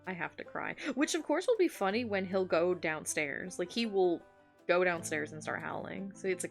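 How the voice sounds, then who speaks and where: A woman's voice: lowish voice, animated, moderate pace. A woman chatting casually while streaming her drawing at home, rambling with lots of "like"s and frequent laughs. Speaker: art streamer. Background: soft guitar music.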